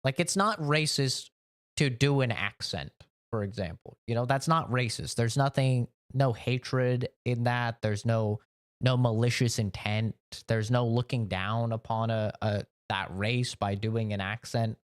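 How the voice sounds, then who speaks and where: A man's voice: medium pitch, unhurried. A man chatting casually while streaming a game, rambling and opinionated, leaning on "you know" and swearing now and then.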